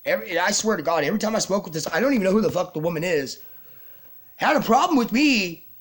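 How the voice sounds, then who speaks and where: A man's voice: sits high, very fast. A man telling a personal story on camera in an agitated, rambling way, swearing a lot and restarting his sentences. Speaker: vlogger.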